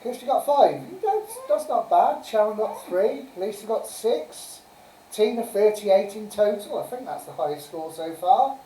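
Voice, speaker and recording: A woman hosting a homespun online quiz night, chatting away and giggling between answers. Her voice is mellow and sits in an echoey room, picked up from a distance by the mic. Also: mid-range voice, very animated, measured pace, slight background noise. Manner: chatty, giggly, reads answers and scores aloud. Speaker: quiz host. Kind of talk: casual live-stream pub quiz. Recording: roomy sound from a distant mic.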